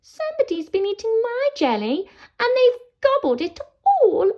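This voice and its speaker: A woman's voice: extremely high pitch, very animated, normal speed, voice pushed up. Woman doing a squealing, tearful baby troll. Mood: upset wailing. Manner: wailing, rising into tears. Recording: dull lo-fi sound.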